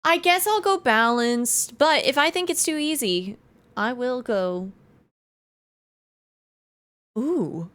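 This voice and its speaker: Lively woman game streamer. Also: fairly high pitch, slow, long pauses. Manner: chatty, reads menu text aloud. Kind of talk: casual live-stream commentary.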